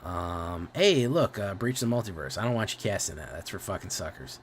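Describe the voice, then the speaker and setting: A young man with a Midwest American accent chats casually on a game stream, his low, slightly rough voice sing-song and fairly quick. He's profane and rambling, often restarting his sentences and correcting himself.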